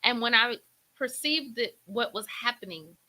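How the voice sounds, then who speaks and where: A middle-aged woman hosting a faith talk show, sharing a deeply emotional personal testimony in a preacherly way, often repeating her words. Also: lively intonation, a little slow, sharp tone, rough recording.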